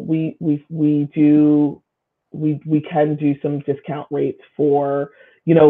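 A woman guest talking through community issues in a thoughtful, searching way, with plenty of fillers and restarts. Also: low-pitched. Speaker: guest, local official and school staff. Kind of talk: casual conversation. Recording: phone-line quality.

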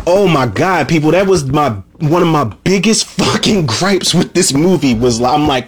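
A man's voice: a little high, expressive, moderate pace, hardly any pauses, a little hiss or hum. A man recapping a horror movie in a casual, profane way, ranting with feeling and calling his listeners "people". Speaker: movie reviewer.

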